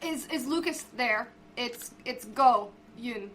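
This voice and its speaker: A woman playing a tabletop game, casual and excitable. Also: fairly high pitch, slow pace, slight background noise. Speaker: player.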